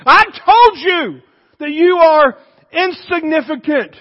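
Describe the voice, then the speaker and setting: A male preacher voicing Satan as a deceitful male devil who coaxes softly and then taunts loudly, in a dull recording with long hall reverb. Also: extremely high pitch, animated, slow pace, voice pushed up, exaggerated voice. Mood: taunting. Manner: soft coaxing whisper turning to loud taunts.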